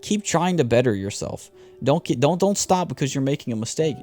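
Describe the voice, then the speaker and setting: A young man hosting a casual motivational podcast, talking in an animated, slangy way with lots of repeated words. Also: mid-range voice, fairly quick, soft background music. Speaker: podcast host.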